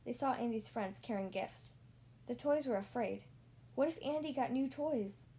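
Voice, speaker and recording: A woman narrating a children's storybook in a clear, steady reading voice. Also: a little high, normal speed. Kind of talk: storybook read-aloud.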